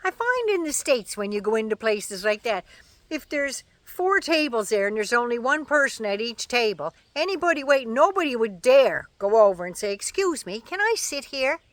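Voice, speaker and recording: A woman's voice: fairly high pitch, big pitch swings, moderate pace, no echo. Chatty woman vlogging outdoors. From Canada. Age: older. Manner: chatty, folksy and opinionated, with dry asides. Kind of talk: casual chat to camera. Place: outdoors at home, in the shade.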